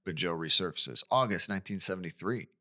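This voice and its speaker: Brief: male co-host, low bright voice, animated casual true-crime storyteller. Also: fast talker. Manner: recounts the case conversationally with asides and questions. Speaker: podcast co-host.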